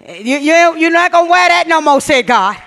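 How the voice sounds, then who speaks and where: A woman preacher delivering an exuberant Pentecostal-style sermon, calling out to the congregation, swinging between shouts and hushed scripture reading. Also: very high-pitched, expressive, normal speed, some chatter behind. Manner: calls out and has the congregation repeat lines.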